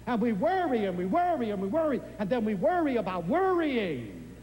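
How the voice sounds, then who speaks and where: An older man giving an inspirational lecture, telling stories in an animated, expressive way. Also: normal speed. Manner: expressive, animated storytelling with big swings in pitch. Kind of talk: inspirational lecture to a live audience. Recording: live lecture in a hall with faint room noise.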